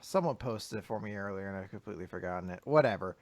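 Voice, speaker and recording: A man's voice: fairly low pitch, expressive, quick pace, dry recording. A man co-hosting a casual manga recap podcast, swearing and laughing often as he retells chapters. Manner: profane, laughing, acts out quotes. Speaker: podcast co-host.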